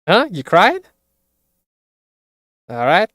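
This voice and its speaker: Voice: medium pitch, huge pitch swings, extremely slow, no room sound, studio quality, pitched above the performer's own voice, heavily acted. A streamer voicing a playful, mischievous young boy with a teasing manner. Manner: teasing, loud.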